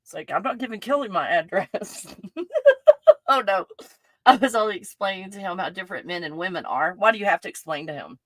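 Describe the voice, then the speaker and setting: A woman's voice: medium pitch, animated, quick pace, a bit bright, no echo, rough recording. A woman hosting a casual livestream, reading viewer comments and ranting with lots of swearing and laughter. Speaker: livestream host.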